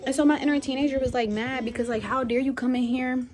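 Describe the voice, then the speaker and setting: A woman's voice: high voice, steady tone, fast, a crowd in the background. A woman vlogger talking candidly and reflectively to her viewers, in a rambling, heartfelt, conversational way. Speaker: spiritual vlogger. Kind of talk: candid reflective chat to camera.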